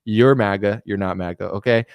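A boastful, rambling older male politician, as a man puts him on, who brags loudly and repeats himself in a sing-song way. The voice is smooth, and the recording is dry and close. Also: fairly low pitch, moderate pace, no echo, pitched below the performer's own voice, natural voice. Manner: repetitive, loud, bragging sing-song delivery.

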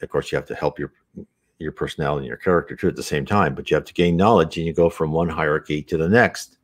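A man's voice: very deep voice, fast talker. A man hosting an unscripted spiritual talk, earnest and rambling, with frequent restarts and asides.

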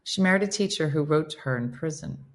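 A woman's voice: deep voice, expressive, quick pace. A woman hosting a casual livestream chat, reading and reacting to viewer comments with frequent laughter.

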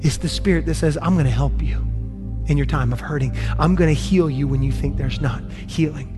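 A pastor preaching a sermon, earnest and emphatic, with words he repeats for weight and some lines dropped to a hush. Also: a little high, brisk, music in the background.

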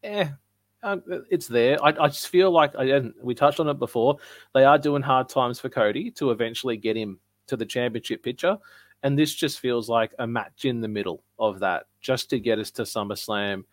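A man's voice: mid-range voice, normal speed, no room sound. A man co-hosting a casual live-stream podcast, chatty, laughing often and reading viewer comments aloud. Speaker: podcast co-host.

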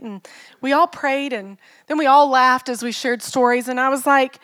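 A woman's voice: high-pitched, steady tone, moderate pace, a bit bright, clear, resonant tone. Earnest middle-aged woman pastor preaching. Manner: earnest, personal storytelling with rhetorical questions. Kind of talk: sermon.

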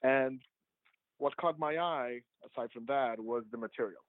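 A man's voice: mid-range voice, a little slow, no echo. Man, documentary filmmaker, rambling casual storyteller, thin telephone-like sound, dead dry. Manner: rambling, full of "like" fillers and restarts. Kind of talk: casual storytelling interview answers. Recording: tinny phone-like line, dry.

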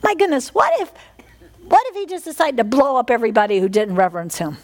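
A woman's voice: fairly high pitch, fast. A middle-aged woman preaching a fervent sermon, often asking her listeners for an "Amen". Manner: fervent, animated, asks the congregation "Amen?".

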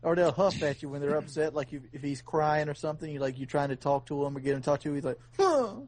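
A man's voice: a little high, level tone, fast, a little mellow. A man hosting a casual podcast chat, telling a long earnest story with many restarts.

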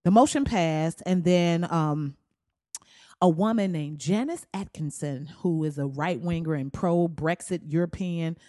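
A woman's voice: a little slow, dry recording. Woman podcast host, comedic and profane, dry close-mic sound. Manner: blunt, profane and animated, with swings into high exclaiming.

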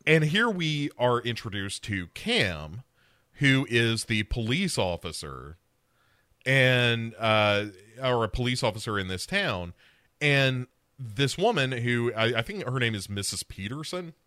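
Animated man recapping a movie. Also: medium pitch, no room sound, studio quality. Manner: animated storyteller acting out characters in quick silly voices. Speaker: podcast co-host. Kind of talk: casual movie recap chat.

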